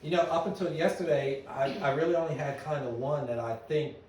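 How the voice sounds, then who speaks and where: A man's voice: fairly high pitch, fairly quick, distant mic, a little hiss or hum. Middle-aged man speaking in an echoey hall. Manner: lively storyteller, asks the room questions. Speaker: business owner giving a presentation. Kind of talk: conference talk to an audience. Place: meeting room at an annual meeting.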